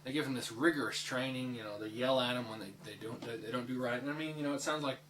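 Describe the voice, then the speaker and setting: A man's voice: medium pitch, quick pace, a crowd in the background, low-quality recording. A young man giving a casual, rambling spoken review, full of fillers, restarts and swearing. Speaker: anime reviewer.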